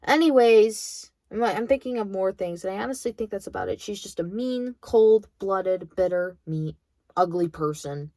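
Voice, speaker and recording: A woman's voice: medium pitch, moderate pace, mellow, no room sound. A young woman in college venting bluntly about her grandmother, swearing freely in a bitter monologue. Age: young adult. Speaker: vlogger.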